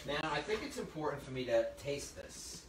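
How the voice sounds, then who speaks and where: Heavy background noise surrounds a male cooking instructor whose somewhat high, sing-song voice moves at normal speed. Cooking live in a hot kitchen, he chats his audience through every step. A phone streams him to remote viewers from a distance, leaving the room echoey.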